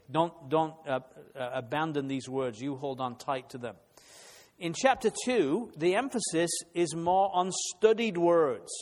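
Male preacher, emphatic, repeats key lines, fairly high voice, long hall reverb. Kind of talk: sermon. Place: conference hall.

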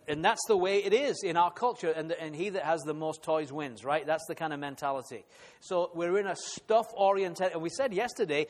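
Male preacher, earnest sermon delivery, higher voice, long hall reverb. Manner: earnest, repeats words when building emphasis.

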